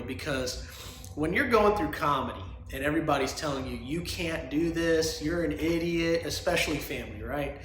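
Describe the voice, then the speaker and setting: A man's voice: fairly high pitch, sharp tone, reverberant, slight background noise. A man hosting a solo podcast, talking in a rambling, crude and opinionated way and laughing often. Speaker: podcast host.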